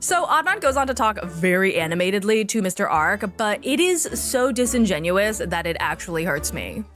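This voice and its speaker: A woman's voice: medium pitch, big pitch swings, moderate pace, fairly bright tone, soft background music. A woman giving snarky, sarcastic commentary in a reality TV recap. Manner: snarky, mocking, puts on silly voices for quotes. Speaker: recap host.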